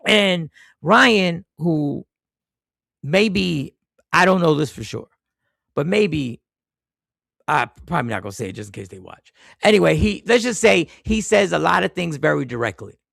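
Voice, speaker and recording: Here the male podcast host speaks at a measured pace with long pauses, his slightly high voice showing vocal fry. The studio sound is clean with no echo as he profanely and animatedly tells a work story, acting out the people he quotes.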